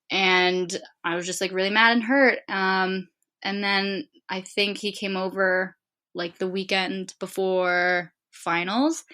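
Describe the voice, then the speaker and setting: A woman's voice: mid-range voice, bright, forceful tone. A woman in her twenties from San Diego, a podcast guest telling a personal story in a chatty way, full of "like". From San Diego, California. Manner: chatty, heavy on filler "like". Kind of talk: casual storytelling.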